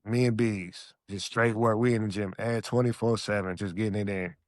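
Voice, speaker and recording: Podcast guest, male, low-pitched, dry booth sound, tells stories with energy and slang. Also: normal speed, dry recording. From Alaska. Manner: animated storyteller who acts out his own past lines; relaxed slangy speech. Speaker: podcast guest, former pro basketball player. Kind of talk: casual storytelling interview.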